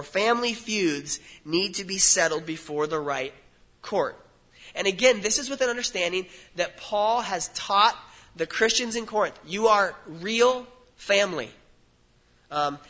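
A man's voice: high voice, bright, forceful tone, poor audio. A man preaching a sermon to his congregation, chatty and explanatory, with asides and questions to the listeners. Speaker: pastor.

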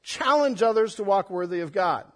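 A man, a pastor, preaching a sermon, swinging between loud emphatic stress and soft, hushed passages. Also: sits high, expressive, moderate pace, big-room sound.

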